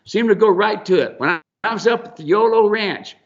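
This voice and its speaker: A folksy mule trainer with a fairly high man's voice spins a long, down-to-earth yarn. The audio is dull and lo-fi, like an old broadcast recording. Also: moderate pace. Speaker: mule trainer and ranch owner. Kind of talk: folksy storytelling on a radio show.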